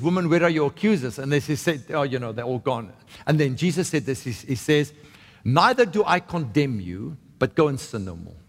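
A long reverb tail trails the fairly high-pitched voice of a pastor giving a conversational sermon. He repeatedly asks "right?" and keeps starting his sentences over.

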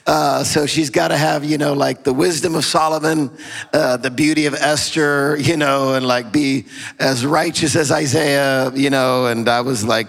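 A middle-aged man preaching a sermon, telling a story and swinging from loud praise to quiet asides. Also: mid-range voice, normal speed, vocal fry. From half German, half Hispanic. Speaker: pastor. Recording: long hall reverb.

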